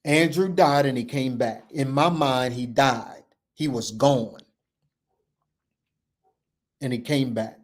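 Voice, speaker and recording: Speaking slowly and leaving long pauses, a show host gives a fervent motivational talk. He uses an emphatic, repetitive, preacher-like cadence, going from loud statements down to low, hushed passages.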